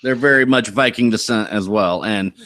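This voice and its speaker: Brief: man from Oregon, lowish voice, dry sound, rambling casual host. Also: moderate pace, sharp tone, dry recording. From Oregon, USA. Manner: rambling, chatty, thinks aloud. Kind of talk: casual live-stream chat.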